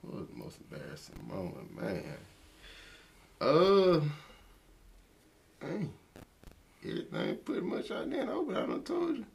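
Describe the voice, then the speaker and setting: Slow, gravelly man. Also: on the high side, wildly swooping pitch. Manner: slangy, drawn-out, teasing. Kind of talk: casual chat.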